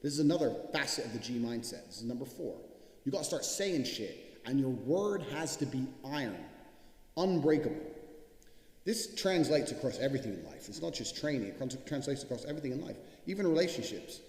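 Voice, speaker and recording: With a medium-pitched, darkish voice that's expressive and a little fast, this man delivers a motivational speech that's blunt and full of profanity. He hammers each point through repetition, and long reverb fills the echoey hall.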